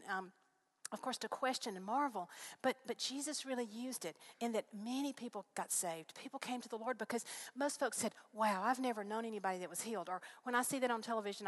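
Earnest woman sharing her faith testimony. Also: a little high. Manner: earnest, heartfelt storytelling. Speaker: speaker giving a testimony. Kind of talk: personal faith testimony to a live audience.

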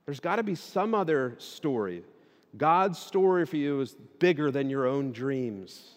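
A man preaching a sermon, casual at first and then animated, building to loud emphatic peaks. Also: fairly high pitch, unhurried. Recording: long reverb of a hall.

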